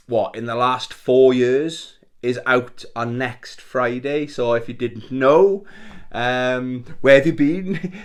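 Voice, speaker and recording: A man hosting a gaming vlog, talking in a candid, rambling way with many fillers and restarts. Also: mid-range voice. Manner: chatty, candid, self-interrupting with fillers. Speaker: gaming channel host.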